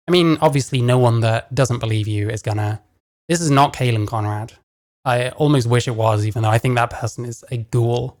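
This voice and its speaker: A woman's voice: extremely low pitch, fairly quick, darkish tone. A woman reacting to a video, blunt and sarcastic, often swearing. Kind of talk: casual reaction commentary.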